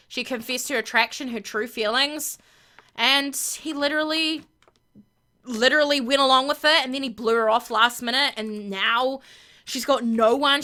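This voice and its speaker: A woman's voice: high-pitched, bright, forceful tone. A woman hosting a gameplay video, narrating in an emphatic, chatty way with lots of fillers. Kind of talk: casual gameplay commentary.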